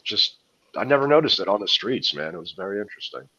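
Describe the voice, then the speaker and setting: A man's voice: lowish voice, sing-song, fast, pushed and bright, slightly rough, dry recording, muffled recording. A man guesting on a podcast, telling loose, profane stories that he laughs through. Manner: profane, rambling, laughing often. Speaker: guest touring musician. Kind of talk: casual podcast storytelling.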